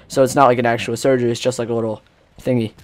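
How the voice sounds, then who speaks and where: A man's voice: medium pitch, level tone, very fast, no echo. A teenage boy telling a long story while commenting on gameplay, rambling with lots of fillers. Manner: rambling, filler-heavy, acts out quotes. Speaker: gaming commentator. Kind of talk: casual storytelling over gameplay.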